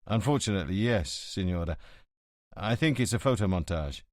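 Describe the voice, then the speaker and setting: Inspetor de polícia de meia-idade, calmo e direto, na voz de um homem, som seco e próximo. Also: male voice, low voice, normal speed, dry recording, studio quality. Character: middle-aged male police inspector, calm and direct.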